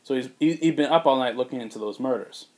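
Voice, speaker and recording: A man on a podcast telling a story in casual chat, rambling with fillers and putting on quick voices for the characters. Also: mid-range voice. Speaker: podcast co-host pitching a movie.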